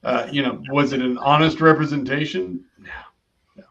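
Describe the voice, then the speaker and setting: A man speaking in a middle-pitched voice, laying out his ideas emphatically and one step at a time in a conversational podcast. The recording sounds dull and lo-fi, as if the sound has been muffled. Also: moderate pace, gravelly, a bit bright. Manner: emphatic, explains points step by step.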